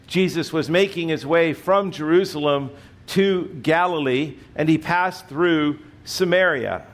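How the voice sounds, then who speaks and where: Man preaching a sermon, somewhat high voice. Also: unhurried. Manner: storytelling with acted voices, then reading scripture. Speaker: pastor.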